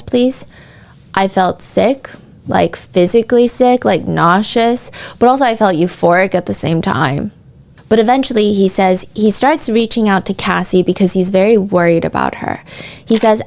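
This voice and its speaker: A woman's voice: medium pitch, darkish tone. Chatty woman narrating court testimony. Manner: casual, chatty asides full of "like". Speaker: podcast host. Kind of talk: true-crime narration reading out court testimony.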